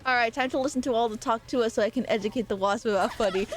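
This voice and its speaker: High-voiced excitable woman streamer. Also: quick pace, few pauses, soft background music. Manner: excitable, swears freely, loud playful outbursts. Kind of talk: casual live-stream gaming commentary.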